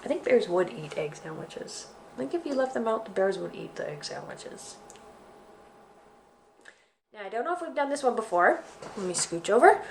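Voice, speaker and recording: A woman's voice: medium pitch, sing-song, moderate pace, creaky, long pauses, a little hiss or hum. A woman librarian leading a children's story time, guiding finger rhymes in a friendly, chatty way.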